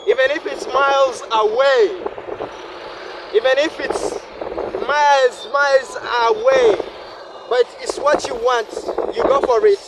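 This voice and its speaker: A man with a Ugandan English accent, hoarse from a flu and cough, vlogging in a reflective, repetitive way beside a highway. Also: lively intonation, a little slow. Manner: reflective, repeats phrases, shifts into a deeper voice at times. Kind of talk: casual vlog monologue. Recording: noisy outdoor recording with wind. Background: traffic and wind.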